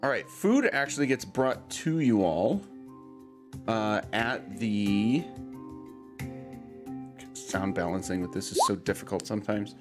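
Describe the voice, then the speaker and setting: A man's voice: lowish voice, lively intonation, a little slow, long pauses, music in the background. A man runs a tabletop game as game master, his narration loose and rambling, full of ums and giggles. A faint musical track plays under his voice.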